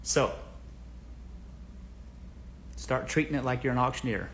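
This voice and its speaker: A man's voice: mid-range voice, unhurried, a bit bright. A man hosting a livestream who gives blunt, joking advice and calls his viewers folks. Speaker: livestream host answering viewer questions. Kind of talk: casual livestream advice chat.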